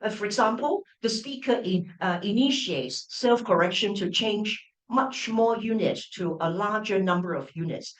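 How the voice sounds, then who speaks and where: Far from the mic in an echoey lecture room, a middle-aged university professor gives an open-day lecture at normal speed with hardly any pauses. Her voice is mid-range, and she frequently restarts phrases while checking in with "right?" and "all right?".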